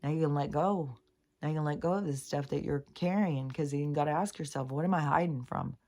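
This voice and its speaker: Speaking a little fast in a low, mellow voice, this middle-aged woman is a spiritual vlogger. Her monologue on spiritual topics wanders, earnest and casual, full of fillers and swearing.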